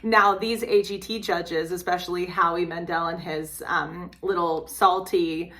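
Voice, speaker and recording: Young woman voice teacher breaking down a singer's technique, bright clear tone, chatty. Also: lowish voice, steady tone, measured pace. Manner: explanatory, teacherly, casual. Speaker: opera singer and voice teacher reacting to a performance. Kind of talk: reaction commentary.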